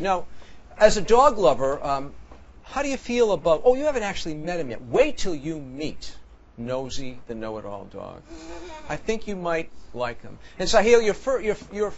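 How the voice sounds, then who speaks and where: Jokey priest quiz host, high bouncy voice, excitable, dull studio sound. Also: male voice, normal speed. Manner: jokey, animated, shouts excitedly. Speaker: priest and game show host. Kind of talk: lively game show hosting. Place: TV studio with audience.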